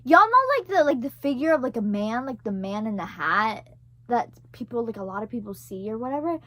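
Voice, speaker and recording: In a dry recording, a young woman vlogger tells a story to camera in a voice that's on the high side, expressive, a little fast and a bit bright. Her telling is loose and rambling, heavy on "like" and "right?", with casual swearing here and there.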